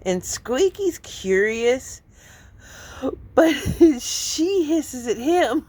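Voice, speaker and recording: A woman's voice: high voice, big pitch swings, extremely slow, a little mellow, no echo. A woman vlogging casually, laughing often and slipping into baby talk with a kitten. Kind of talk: casual vlog chat.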